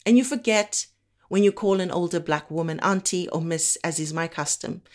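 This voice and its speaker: Woman from Africa, low register; measured spoken-word monologue delivery. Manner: measured, deliberate delivery with slow emphatic pauses.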